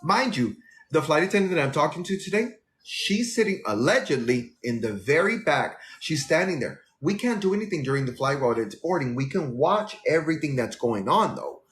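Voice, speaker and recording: A man who works as a flight attendant, telling a rambling, animated story on a live stream. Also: fairly high pitch, fairly quick, slight background noise.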